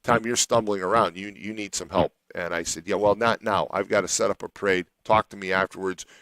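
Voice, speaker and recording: Low-voiced man telling a radio story. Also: fairly even intonation, fairly quick, a bit bright, no room sound, low-quality recording. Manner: rambling anecdotal telling with restarts. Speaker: radio show host.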